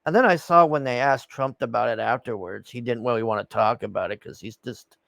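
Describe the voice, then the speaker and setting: A man's voice: medium pitch, a little fast, gravelly, a bit bright, no echo. A man reacting to a video in a casual, scoffing, profane rant.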